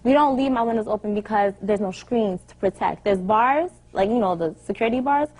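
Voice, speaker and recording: A woman defending herself in a TV courtroom, answering with quick, defensive rebuttals. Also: mid-range voice, noisy background. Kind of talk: courtroom testimony.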